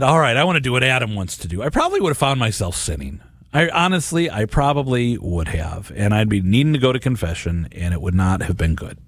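A middle-aged man reflects on scripture for a radio audience in a lowish, husky voice. He talks earnestly and conversationally, often restarting his sentences. The sound is dry and close, from a studio mic. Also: dry recording. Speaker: radio host.

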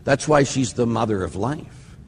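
A man's voice: medium pitch, lively intonation, normal speed, gravelly, a little mellow, in a large hall, slight background noise. An older man, a priest, giving a rambling, conversational teaching talk on prayer, full of fillers and asides.

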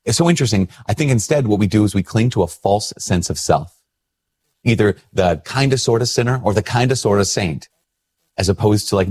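A man's voice: lowish voice, animated, brisk, darkish tone, husky. A male priest in a casual, reflective talk to camera, chatty and self-deprecating as he tells a story.

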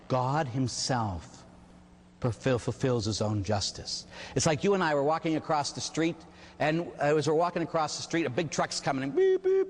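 An older man preaching as a priest, telling stories animatedly with frequent "huh?" asides. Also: medium pitch. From Pittsburgh area. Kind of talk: sermon. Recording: long reverb of a large hall.

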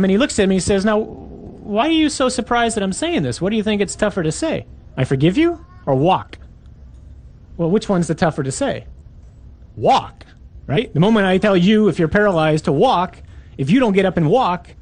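A man preaching a sermon, reading scripture aloud and acting out quoted lines with animated, shifting delivery. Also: high voice.

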